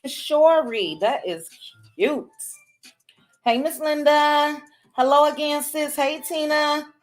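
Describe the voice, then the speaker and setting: A woman hosting a livestream, greeting viewers by name in a casual chat with drawn-out, chatty greetings. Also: sits high, faint music behind. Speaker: livestream host.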